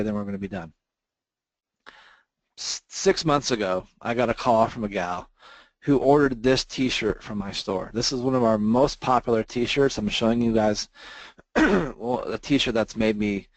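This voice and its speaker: A man presenting a webinar, making an emotional sales pitch and choking up as he talks. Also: dry recording, poor audio. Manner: earnest, gets choked up telling a story. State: emotional, near tears.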